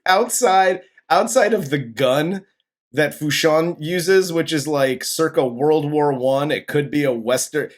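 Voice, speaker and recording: He co-hosts a casual movie review podcast, chatting in a laid-back, profane way and laughing often. His voice is fairly high-pitched and slow.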